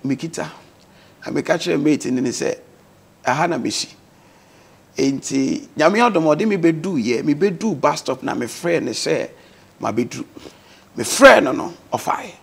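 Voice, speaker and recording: A Ghanaian man recounts his past as a talk show guest, his voice gravelly and husky. He sits a little high for a man and speaks with an earnest, steady storytelling pull. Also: a little slow. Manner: earnest storytelling, mixing English words into his speech.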